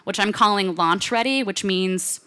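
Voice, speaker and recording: A woman's voice: medium pitch, normal speed, bright, forceful tone, smooth. A woman giving a conference presentation in a casual, chatty way, often saying "like" and "you know". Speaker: conference speaker. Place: conference stage.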